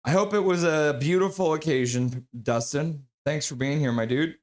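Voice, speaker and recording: Male stream host, slightly high voice. Chatty and reactive, reads chat aloud, bursts into loud exclamations. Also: normal speed. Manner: breaks into loud excited exclamations. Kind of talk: casual live-stream hockey chat.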